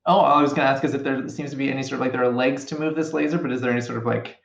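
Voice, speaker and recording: A man's voice: mid-range voice, steady tone, very fast, vocal fry. A man playing a tabletop game, thinking aloud hesitantly and describing what his character does. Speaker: player. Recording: dull echoey room sound.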